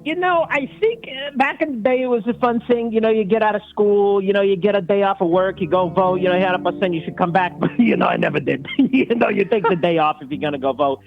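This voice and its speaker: A man calling into a comedy show as a brash, boastful small-time crook, quick and wisecracking. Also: high-pitched, vocal fry. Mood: cocky. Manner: fast, wisecracking, laughing. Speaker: caller. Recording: dull lo-fi line with faint music.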